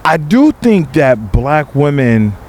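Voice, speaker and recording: A man's voice: fairly high pitch, sing-song, takes it slowly, a little mellow, slight background noise. A man guest on a podcast, talking reflectively with many repeats and filler phrases. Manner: reflective, hesitant, repeats words, lots of 'you know'. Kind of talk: candid podcast conversation.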